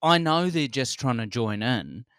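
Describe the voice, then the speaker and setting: A New Zealand man in his forties chats on a podcast in a smooth, resonant voice. He tells stories with lively energy and acts out what other people said. The sound is dry and close. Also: medium pitch, unhurried, dry recording. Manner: animated storyteller, acts out quotes, laughs often. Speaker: comedian guest. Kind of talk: casual podcast chat.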